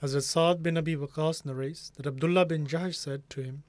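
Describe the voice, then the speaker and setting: A man reading a sermon translation aloud with steady reverence and frequent honorifics. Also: on the high side, a little fast, no room sound.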